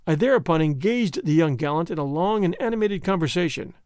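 A man voicing a cunning male spy who speaks quietly and placidly, with dry sarcasm. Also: a little high, animated, fairly quick, dry recording, lightly acted. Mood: coolly sarcastic.

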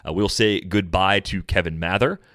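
A man's voice: low-pitched, moderate pace, fairly bright tone, no room sound, studio quality. A man hosting a podcast, upbeat and conversational as he steers the chat. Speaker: podcast host. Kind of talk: casual chat.

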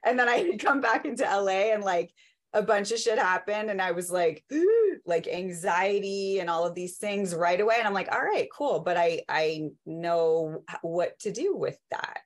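Animated woman podcast host. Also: lowish voice, normal speed. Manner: animated, acts out her own thoughts, swears casually. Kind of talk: casual conversational podcast.

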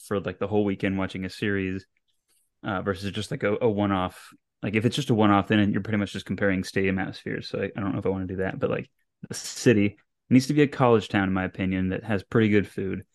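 Brief: male podcast co-host, lowish voice, easygoing and hesitant, dry close sound. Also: steady tone, fast talker, no echo. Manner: easygoing, hesitant, full of fillers and restarts. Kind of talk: casual podcast chat.

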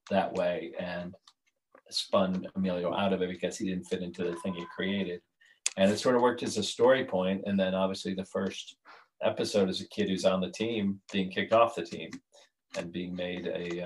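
A man with a deep, low voice talks through a podcast interview as the guest creator. He rambles, circles back and restarts his sentences, and laughs easily. A faint hiss and clicks sit under the call. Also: poor audio.

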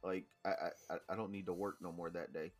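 A man's voice: low-pitched, flat delivery, fairly quick, husky, faint music behind. A man chatting casually as a podcast co-host, telling stories in a laid-back way. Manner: laid-back storytelling, drawling repeats. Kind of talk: casual chat.

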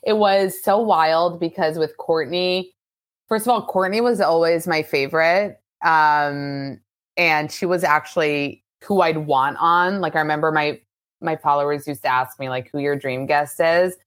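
A woman's voice: deep voice, measured pace. A woman guest on a podcast, ranting emphatically and swearing in casual chat. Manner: animated, profane, emphatic ranting.

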